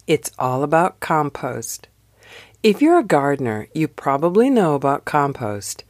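A woman hosting a devotional show, giving a slow, expressive scripted narration. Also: low voice, no echo, clean studio sound. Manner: slow, expressive storytelling read. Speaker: devotional podcast host.

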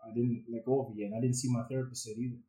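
A man's voice: medium pitch, little pitch movement, very fast, warm tone, roomy sound, low-quality recording. A man in his thirties talking earnestly and emotionally about fatherhood, with casual slang, in a candid podcast conversation. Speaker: guest.

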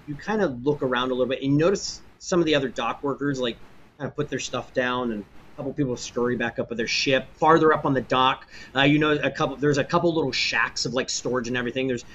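A man's voice: medium pitch, a little fast, a bit bright. Give me a man game-mastering a tabletop game in a loose, rambling style, on dull audio with faint noise. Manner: rambling, filler-heavy narration.

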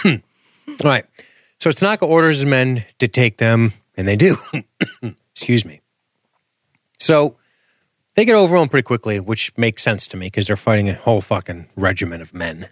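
A man's voice: mid-range voice, sing-song, moderate pace, long pauses, no echo. A man with a mid-range voice co-hosts a podcast in loose, casual chat. He is sardonic and profane and teases his partner. The sound is dry and close, with no room around it. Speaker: podcast co-host.

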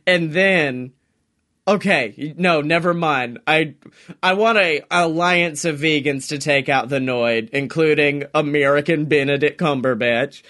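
A man co-hosting a comedy podcast, excitable and quick to laugh and swear as he riffs in casual chat. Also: on the high side. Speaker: podcast co-host.

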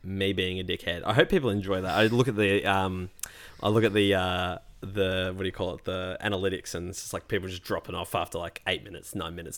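A man's voice: deep voice, steady tone, a little fast, a bit bright. A man co-hosting a podcast in casual chat, telling a rambling, self-mocking story. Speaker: podcast co-host.

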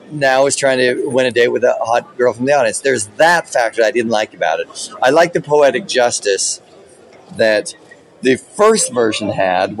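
A man's voice: medium pitch, low-quality recording. A man who works as a magician, telling stories in a casual podcast interview and acting out his own stage patter as he goes. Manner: animated, acts out his stage patter in retelling.

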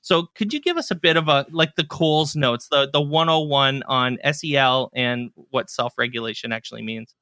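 A man hosting a podcast, talking casually and relaxed, often trailing off and restarting his sentences. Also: medium pitch, moderate pace, hardly any pauses, no room sound, studio quality. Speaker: podcast host.

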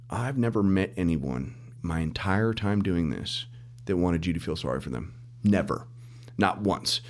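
A middle-aged man, a mortgage lender, telling his story as a podcast guest in an animated way, acting out the dialogue and laughing as he goes. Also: sits low. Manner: animated storyteller, acts out quoted dialogue, restarts and laughs often. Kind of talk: casual storytelling interview.

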